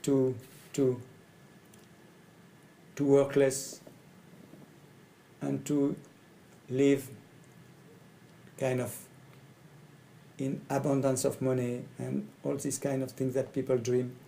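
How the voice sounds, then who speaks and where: A middle-aged man from France with a French accent, a coach speaking in halting English and often repeating his phrases. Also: medium pitch, monotone, creaky, warm tone, low-quality recording. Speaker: coach and facilitator. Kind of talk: speaking to camera about his training.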